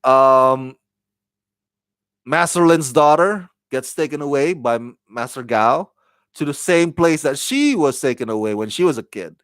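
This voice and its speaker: A man's voice: mid-range voice, expressive, measured pace, a bit bright, no room sound. A man giving a casual spoken TV review, rambling and repeating words as he thinks aloud. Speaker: TV show reviewer.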